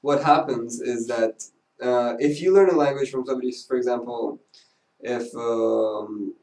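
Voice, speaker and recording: A man in a casual group discussion, explaining his point with examples in a measured way. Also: mid-range voice, a little mellow. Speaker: discussion participant. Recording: roomy, slightly distant mic.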